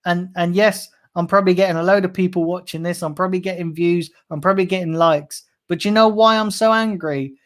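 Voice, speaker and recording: A man's voice: sits high, steady tone, a little fast, few pauses, fairly bright tone. Angry, swearing man ranting. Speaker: fan channel host. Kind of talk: livestream rant reading chat.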